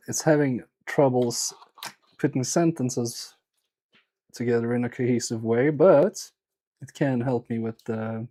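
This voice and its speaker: Male repair streamer, casual, teasing and self-mocking, warm voice. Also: mid-range voice. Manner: joking, self-mocking, chatty with viewers. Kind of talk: casual live-stream chat.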